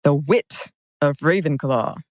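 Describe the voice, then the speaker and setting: A giggly woman co-host chats casually and answers in short, quick replies. Her voice is lowish and recorded dry and close. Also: dry recording. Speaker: podcast co-host. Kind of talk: casual chat.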